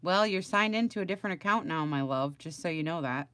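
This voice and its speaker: A middle-aged woman with a lowish voice chats on a crafting livestream from home, rambling along and greeting viewers by name. The sound is close and dry, with no room echo. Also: fast, a bit bright. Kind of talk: casual livestream chat with viewers.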